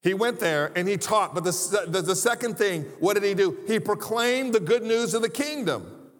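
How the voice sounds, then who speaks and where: A man with a notably high voice preaches a sermon from the pulpit. He keeps it conversational, tossing in humorous asides and rhetorical questions. The sound carries the long reverb of a large church hall. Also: animated, normal speed, fairly bright tone. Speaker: pastor. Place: church sanctuary.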